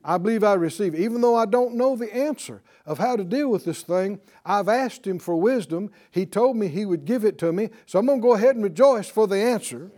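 A man preaching with a high, very animated voice that leaps up and down as he talks. He keeps the sermon lively, laughing often and tossing "right?" to his listeners. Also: a little fast, few pauses. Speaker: pastor.

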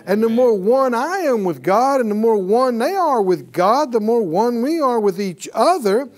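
A man's voice: extremely high pitch, lively intonation, normal speed, darkish tone. A man teaching a Bible class in a preaching style, emphatic and calling on his audience for responses.

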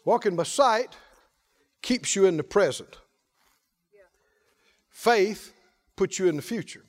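A male pastor preaching a lively sermon, often laughing and calling out to the congregation. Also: high-pitched, takes it slowly. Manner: animated, laughing, call-and-response preaching.

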